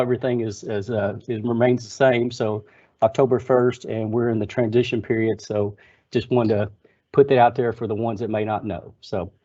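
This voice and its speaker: An older man with a Kentucky accent giving a halting update to an HR chapter meeting over a video call, with lots of fillers. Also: fairly low pitch, warm tone. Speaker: HR board member. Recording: dull lo-fi webinar audio.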